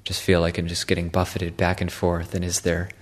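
Low, flat-voiced male monk. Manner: halting, repeats words, many fillers. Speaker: Buddhist monk. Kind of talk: Dharma talk.

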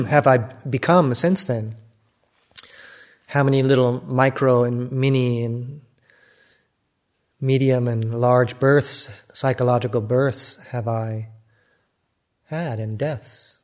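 An older American man, a Buddhist monk, speaks in a mid-range voice. He gives a reflective dharma talk with a gently self-mocking touch.

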